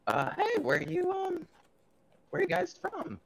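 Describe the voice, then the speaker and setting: A man voicing an awkward, friendly male adventurer who stammers in a high-pitched voice. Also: huge pitch swings, slow, vocal fry, a loud crowd, exaggerated voice.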